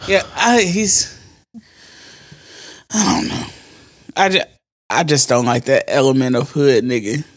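A man's voice: medium pitch, very animated, unhurried, pauses often, no room sound. Wry, blunt man co-hosting a podcast. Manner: wry, blunt quips and frequent laughter. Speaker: podcast co-host. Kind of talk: casual podcast chat.

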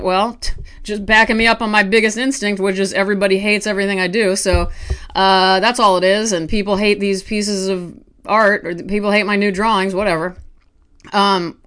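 A woman artist talking to camera at home, ranting with quick restarts and asides. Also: mid-range voice, a bit bright. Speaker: artist vlogger. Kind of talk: casual talk to camera.

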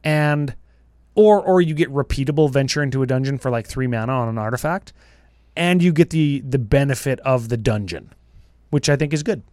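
A man's voice: mid-range voice, darkish tone, no echo, studio quality. A man co-hosting a podcast, reviewing game cards in casual, joking chat. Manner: joking, quick asides. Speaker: podcast co-host.

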